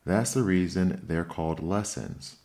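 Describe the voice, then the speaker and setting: A man's voice: low-pitched, unhurried, a little mellow, voice pushed up. A man doing a brusque, scolding Griffin. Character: brusque, impatient male Griffin creature. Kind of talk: audiobook character reading.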